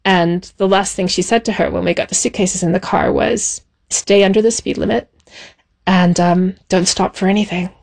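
A woman's voice: mid-range voice, fairly even intonation, normal speed, vocal fry, darkish tone. Reflective woman recalling her childhood. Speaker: interview guest. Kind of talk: personal recollection.

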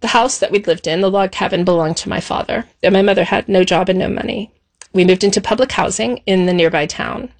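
A woman being interviewed, telling a childhood memory in a reflective, measured way with soft pauses. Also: mid-range voice, gravelly. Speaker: interview guest. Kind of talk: personal recollection.

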